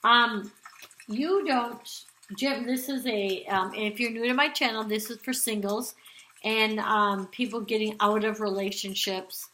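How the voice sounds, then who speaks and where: Bright-voiced woman reading tarot, unhurried. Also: a little high, fairly even intonation. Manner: rambling, many ums and restarts. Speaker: tarot card reader. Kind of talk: casual spoken tarot reading. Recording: echoey room.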